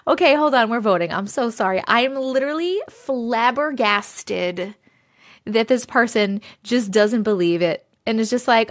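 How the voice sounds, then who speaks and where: A woman hosting a live stream, chatting casually, swearing freely and reading viewer stories aloud with loud disbelief. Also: a little high, big pitch swings, measured pace.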